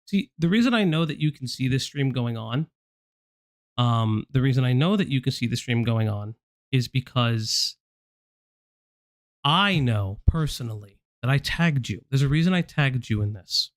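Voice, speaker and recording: A man's voice: medium pitch, lively intonation, normal speed, dry recording. Man, stream host, confrontational, repeats himself, dry. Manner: confrontational, repetitive, addressing someone directly. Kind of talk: livestream commentary.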